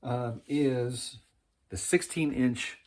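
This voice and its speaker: A man's voice: medium pitch, extremely slow, a little mellow. A man casually explaining how he lays out frets for homemade string instruments, in a laid-back, rambling way with slang like "man" and "dude". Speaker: instrument builder teaching.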